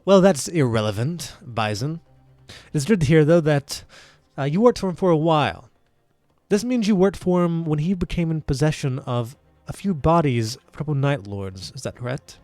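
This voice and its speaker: A man voicing a stern male interrogator at a devil court, questioning in a formal, measured way. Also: on the high side, animated, darkish tone, dry recording, faint music behind, natural voice.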